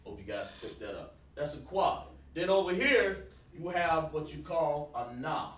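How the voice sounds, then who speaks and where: A man's voice: fairly high pitch, animated, normal speed, roomy sound, far from the mic. A man teaching a Hebrew class online, casual and repetitive, calling students by name. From South Carolina, USA. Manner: informal, repeats words, talks to students by name.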